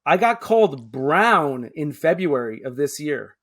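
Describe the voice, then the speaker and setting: This Queens, New York man in his 30s is a public affairs officer appearing as an interview guest, pressing his points emphatically and tossing in "right?" as he goes. His pitch is fairly high and sing-song, the delivery a little slow and a bit bright.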